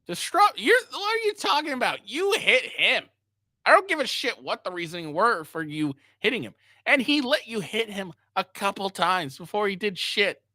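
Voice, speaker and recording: A man rants through a reaction commentary, angry and full of profanity. His pitch jumps all over the place as he fires off his points. The sound is dry and close to the mic. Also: big pitch swings, normal speed, pushed and bright, no room sound. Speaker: commentary host.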